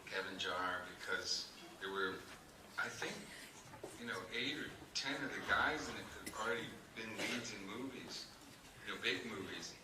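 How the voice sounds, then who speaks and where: A man's voice: fairly low pitch, moderate pace. A man, an actor, answering audience questions at a convention panel, telling rambling anecdotes with many fillers. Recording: echoey hall, distant mic, noisy.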